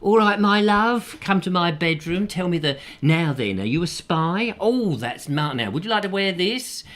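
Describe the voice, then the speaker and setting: A man's voice: high-pitched, expressive, a bit bright, voice pushed up. A man putting on a jovial older TV game show host who leans on catchphrases and pet names. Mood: showy. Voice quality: chirpy, drawn-out catchphrases.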